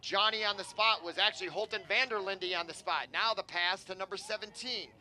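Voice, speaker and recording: Bright-voiced man calling a lacrosse game. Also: high-pitched, brisk. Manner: chatty, rising excitement on plays, digressive asides. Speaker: play-by-play commentator. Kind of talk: live sports commentary. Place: outdoor sports field.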